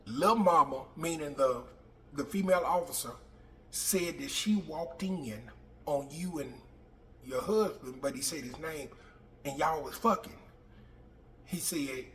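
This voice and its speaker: A man casually telling a personal story, animated and profane, acting out what people said. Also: fairly high pitch. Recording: roomy, distant mic with faint noise.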